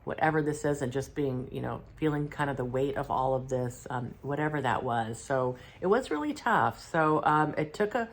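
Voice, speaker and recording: A middle-aged woman with an unusually deep, low-pitched voice tells of a spiritual channeling session. She sounds a little unwell and clears her throat now and then. Her delivery is halting and reflective, with many pauses and restarts. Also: animated, a little hiss or hum. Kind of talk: casual first-person account.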